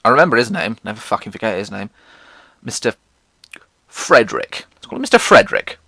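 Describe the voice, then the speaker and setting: Sweary, theatrical young Englishman with lively pitch. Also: fairly quick, creaky, husky, no room sound. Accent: posh English. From England. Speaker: vlogger. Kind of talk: casual storytelling monologue.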